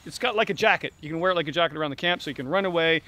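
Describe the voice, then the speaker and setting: A middle-aged Canadian man reviews camping gear outdoors at a campsite in a joking vlog. His voice sits on the high side and he races along, dropping deadpan asides between many fillers.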